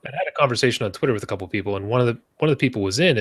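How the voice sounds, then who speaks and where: A man hosting a casual podcast chat, joking and self-mocking, jumping up in pitch when he asks questions. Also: animated, very fast, slightly rough. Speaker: podcast host.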